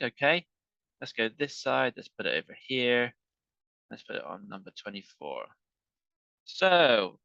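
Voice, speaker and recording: A man's voice: medium pitch, pushed and bright, no echo, highs cut off. A man teaching an online English lesson, talking patiently and checking in with "okay" as he works through examples. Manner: slow, patient, repeats with "okay".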